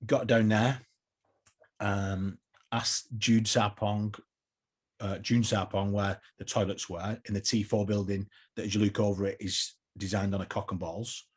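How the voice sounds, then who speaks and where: A man, a podcast guest, telling lively anecdotes in casual chat, swearing freely and slipping into other people's voices. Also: lowish voice, a little slow, slightly rough. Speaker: interview guest, tribute performer. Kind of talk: casual storytelling.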